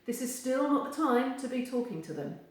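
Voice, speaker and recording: A woman gives advice straight to camera, animated and acting out the voices she quotes. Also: high voice, a little fast. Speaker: therapist giving advice. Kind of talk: direct-to-camera advice video. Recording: very echoey room.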